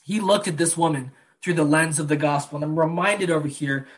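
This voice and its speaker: A man preaching a sermon, earnest, slowing down and dropping soft on key phrases. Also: fairly high pitch. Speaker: pastor.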